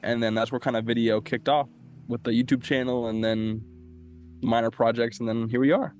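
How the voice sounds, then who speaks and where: A man in his twenties from Minnesota, a podcast guest telling his story in a relaxed, conversational way. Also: mid-range voice, fairly quick, a little hiss or hum. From Minnesota, USA. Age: 20s. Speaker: guest, video producer. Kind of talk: casual interview storytelling.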